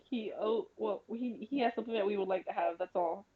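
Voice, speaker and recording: A woman's voice: mid-range voice, brisk, slightly rough, phone-quality sound. A woman player chatting casually in a tabletop game, joking, stammering, and exclaiming.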